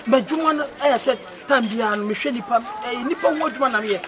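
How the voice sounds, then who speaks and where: A man's voice: very high voice, fairly quick. A Ghanaian man acting a young doctor who defends himself to his girlfriend in a film drama, pleading. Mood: defensive. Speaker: actor. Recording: loud crowd noise behind.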